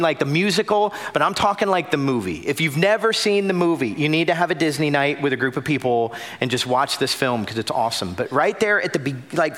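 Bright-voiced animated male pastor. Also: a little high. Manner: animated storytelling, swings from loud bursts to hushed drops. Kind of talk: sermon.

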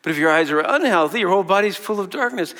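Lively, chatty male pastor. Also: high voice, racing. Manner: conversational, asks the audience questions, laughs often. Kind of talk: sermon. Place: room with an audience.

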